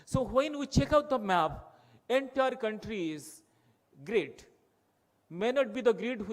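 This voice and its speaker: A man from Odisha, India, speaking Odia-accented Indian English, gives an impassioned speech in a conference hall. His voice is high, and he keeps returning to the same phrases for emphasis while building appeals through rhetorical questions.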